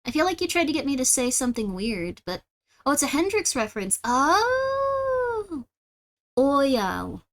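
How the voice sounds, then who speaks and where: A livestream host with a Californian Valley Girl accent talks casually to her viewers in a fairly high voice. She rambles and drops "like" into nearly every sentence. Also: big pitch swings, quick pace. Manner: says "like" constantly, chatty and rambling. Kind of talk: casual stream chat, reacting to viewers.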